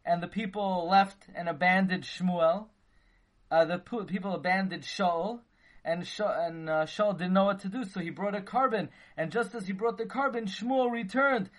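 A rabbi teaches Torah in a high voice at a moderate pace. His lecture is packed with Hebrew and Yiddish terms, and he acts out dialogue as he goes.

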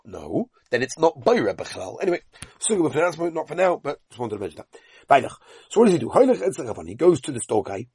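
A man's voice: medium pitch, a little mellow, breathy edge, no room sound, studio quality. A middle-aged man giving a Talmud lesson, talking animatedly and mixing Hebrew and Yiddish terms into English. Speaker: Talmud teacher.

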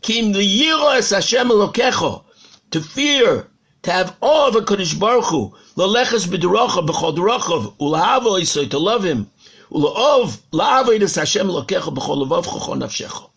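Gravelly high-voiced rabbi preaching. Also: male voice, lively intonation, normal speed, fairly bright tone. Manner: dramatic storytelling, repeating words for emphasis. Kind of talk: Torah sermon.

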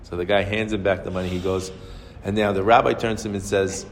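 A man giving a storytelling sermon, animated and acting out the characters as he goes. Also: low-pitched, fast, big-room sound, a little hiss or hum. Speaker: speaker giving a Torah talk.

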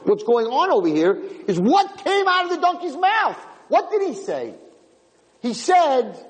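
Animated man giving a Torah class. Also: very high voice, a little slow. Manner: animated, emphatic, acts out quotes. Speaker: Torah lecturer. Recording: reverberant hall.

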